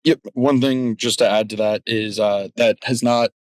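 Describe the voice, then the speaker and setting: Low-voiced male Q&A host, dry sound. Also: fairly even intonation, normal speed, no room sound. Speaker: host running a Q&A. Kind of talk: casual moderating.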